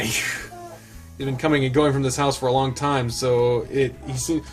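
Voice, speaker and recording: A young adult gamer reading a dating sim's dialogue aloud between loud, exaggerated, cursing reactions. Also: medium pitch, normal speed, soft background music. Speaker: gamer playing a dating sim. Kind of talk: let's play commentary, reading dialogue aloud.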